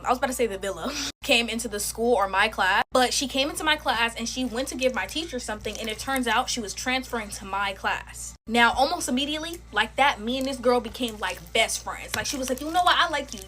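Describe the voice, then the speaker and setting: Young woman, fairly high voice, slangy storytime chatter over faint music. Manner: chatty and animated, slangy, talks to viewers as y'all. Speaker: storytime creator. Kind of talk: casual storytime chat while making slime.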